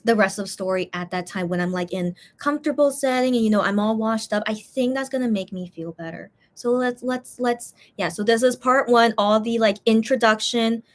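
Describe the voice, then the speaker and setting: A woman's voice: a little fast, few pauses. A woman streamer chatting casually while eating, reading viewer comments and rambling with lots of repeated words, tired and full. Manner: rambling, repeats words, lively swings in pitch.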